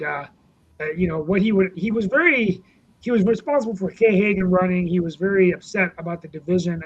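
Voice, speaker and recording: A man co-hosting a political talk show, reminiscing casually about a late politician, with many pauses and fillers. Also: high-pitched. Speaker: co-host, city councilman. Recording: dull lo-fi sound.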